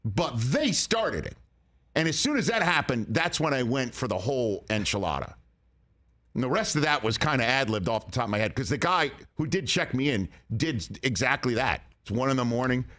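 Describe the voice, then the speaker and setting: A middle-aged man hosting a sports talk show, telling a story in a casual, animated way with quick restarts. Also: mid-range voice. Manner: animated, excited retelling with restarts. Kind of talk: casual studio chat, storytelling. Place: studio.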